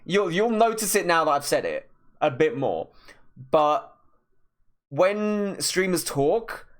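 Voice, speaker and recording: A man streaming his artwork, chatting casually and talking slowly with deliberate pauses. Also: fairly high pitch, sing-song. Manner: rambling, many restarts. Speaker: art streamer. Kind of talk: casual chat while painting on stream.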